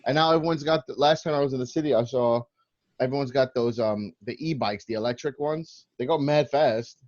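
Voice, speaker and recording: A man's voice: medium pitch, fairly quick, darkish tone, highs cut off. A man co-hosting a podcast in casual chat, laid-back and laughing at his own jokes. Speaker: podcast co-host.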